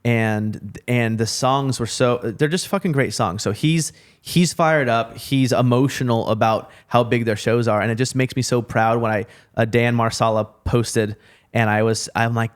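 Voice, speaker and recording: A man co-hosting a music podcast, chatting casually with a guest. He talks in an excited, rambling way and swears freely. His voice sits at an ordinary middle pitch. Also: moderate pace. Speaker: podcast co-host.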